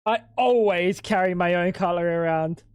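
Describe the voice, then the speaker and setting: A man's voice: high voice, moderate pace, darkish tone, smooth, no room sound. A young man streaming live at home, bantering with chat in a crude, joking way. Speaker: livestreamer.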